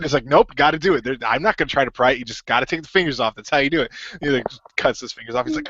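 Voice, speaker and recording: A man's voice: medium pitch, racing, sharp tone, no room sound. A man co-hosting a casual podcast chat, rambling through a story with frequent laughs. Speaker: podcast co-host. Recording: dull, dry lo-fi audio.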